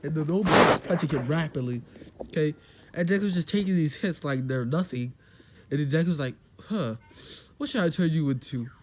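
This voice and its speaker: A man casually telling an imagined fan story, rambling along with lots of "like" and quick quoted lines. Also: fairly high pitch, a little hiss or hum.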